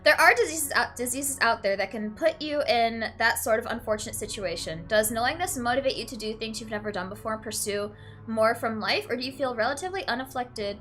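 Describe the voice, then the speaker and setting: Soft background music plays as a young woman streaming a let's play reads the game's questions in a slightly high, brisk voice. Her reactions run from flat to teary to laughing, with frequent "like" and "literally."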